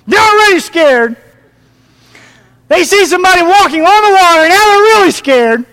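High pitched guy preaching, keeps quizzing the room, echoey church hall. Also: moderate pace. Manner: animated, asks the congregation questions. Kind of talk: sermon. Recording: long reverb of a church hall.

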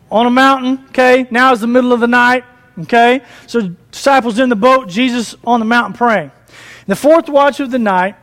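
A man preaching a sermon, animated, asking the congregation questions as he retells a passage. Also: very high-pitched. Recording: long reverb of a church hall.

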